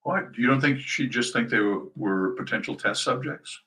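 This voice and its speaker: An older man chatting casually on a livestream while signing prints, playful and animated as he reads out names. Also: medium pitch, normal speed, rough recording.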